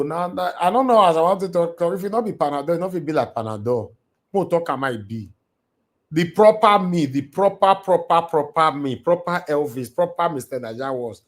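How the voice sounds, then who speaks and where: A Nigerian man with a Pidgin-flavoured accent hosts a live stream from his house and speaks at middling pitch. He preaches with fervour, circling back and repeating his points. His delivery slides between English and a casual Pidgin lilt. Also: darkish tone. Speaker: livestream host. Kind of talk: impassioned live-stream monologue. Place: alone in a large house. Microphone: computer mic on a live stream.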